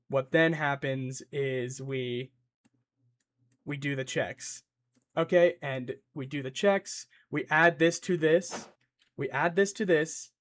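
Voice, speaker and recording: A young man on a live stream who muses aloud as he builds something and keeps breaking off to answer his chat. He has a slightly higher voice and takes his time, drawling through his thoughts in a loose, joking ramble. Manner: rambling, playful, reads chat aloud and thinks out loud.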